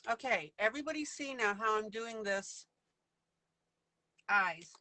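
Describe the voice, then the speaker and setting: A chatty woman teaches coloring on a live stream, taking her time with each step. Her voice is bright and a little high, and the sound is dry and close. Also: expressive, unhurried, dry recording, poor audio. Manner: chatty and playful, laughs often.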